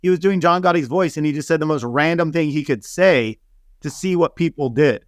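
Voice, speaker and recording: Relaxed man telling lively stories, dry sound. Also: fairly high pitch, brisk, dry recording. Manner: animated, laughing storyteller with many fillers. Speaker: celebrity hairstylist guest. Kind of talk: casual interview storytelling.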